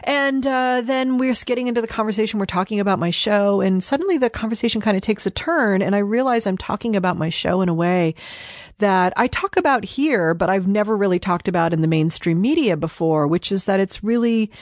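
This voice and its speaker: A woman's voice: mid-range voice, fairly quick, no echo, clean studio sound. A woman host telling a personal story in a chatty, rambling, self-mocking way, with lots of fillers and laughter. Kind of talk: casual storytelling monologue.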